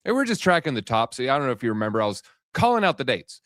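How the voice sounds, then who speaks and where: A man hosting a live crypto market show, talking fast and hyped at his viewers. He is slightly out of breath, and his mid-pitched voice sits on a dry, close studio mic with no room sound. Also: big pitch swings, a bit bright, dry recording. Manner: hyped, rapid-fire, addresses viewers directly. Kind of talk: energetic live-stream market commentary.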